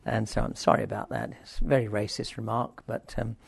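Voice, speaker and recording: An older man teaching a Bible passage informally, rambling with wry asides and reading the scripture aloud forcefully. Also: on the low side, fairly even intonation, brisk, gravelly, breathy edge.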